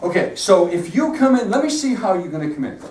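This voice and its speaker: A man directing a rehearsal on a stage, giving brisk notes and checking in with "okay?" after each point. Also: sits high, big pitch swings, a little hiss or hum. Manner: brisk, repeats "okay?", acts out lines loudly. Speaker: theater director. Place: theater stage. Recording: echoey stage from far off, faint ambience.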